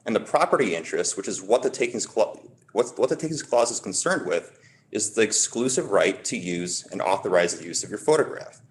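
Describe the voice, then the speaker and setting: A man arguing for the petitioner before a high court, measured and emphatic, stressing key words as he builds his case. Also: animated, slight background noise. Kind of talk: formal appellate oral argument.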